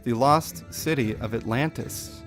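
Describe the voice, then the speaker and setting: A man's voice: mid-range voice, measured pace, over music. A man streaming live, reading a game story aloud in a playful, self-mocking way.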